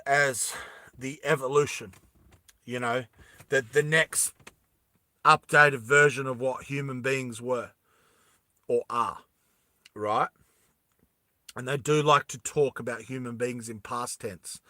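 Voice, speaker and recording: A young man casually recapping a movie plot, animated, laughing often and acting out the scenes. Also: medium pitch, dry recording, clean studio sound. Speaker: storytelling vlogger.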